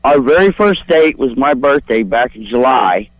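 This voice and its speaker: A man's voice: mid-range voice, lively intonation, normal speed, dry recording. A man phones in to a talk show and tells a long crude story. He rambles and boasts. The line is dull and lo-fi, with no room sound at all. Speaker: caller. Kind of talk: profane call-in storytelling.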